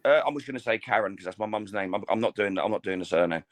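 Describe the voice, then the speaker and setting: A man's voice: fairly low pitch, quick pace. A man co-hosting a casual boxing podcast, chatty, often stammering and restarting his sentences. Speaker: podcast co-host.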